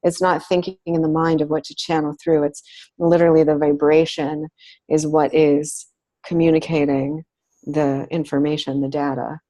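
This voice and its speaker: Low-voiced woman teaching spirituality. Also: little pitch movement, normal speed, dark tone. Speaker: host.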